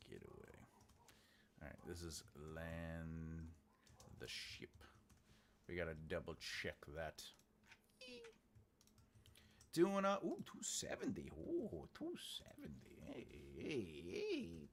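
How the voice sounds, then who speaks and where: Man, casual livestream chat, lively up-and-down pitch, muttered notes, keyboard clicks. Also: gravelly, a little hiss or hum. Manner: mutters notes to himself, chats with viewers, jokes. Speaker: author livestreaming his writing process.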